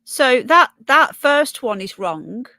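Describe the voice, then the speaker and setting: A woman's voice: sits high, big pitch swings, slow, bright, forceful tone, no room sound. Chatty Brummie woman, dry close sound. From Birmingham, England. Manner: chatty, thinks aloud, stumbles over names. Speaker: livestream host. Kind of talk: casual live chat reading news and viewer comments.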